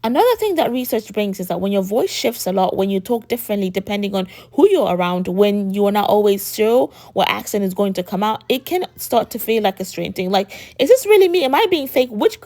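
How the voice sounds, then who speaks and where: A woman in her thirties, an American accent with a British lilt, explaining to camera with lively emphasis and frequent rhetorical asides. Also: medium pitch. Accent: American mixed with a British lilt. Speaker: vlogger.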